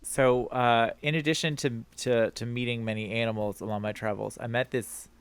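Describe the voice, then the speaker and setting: A man playing in an online tabletop game, telling his character's story with laid-back, deadpan jokes. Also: mid-range voice, moderate pace, clean tone, no echo. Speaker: player.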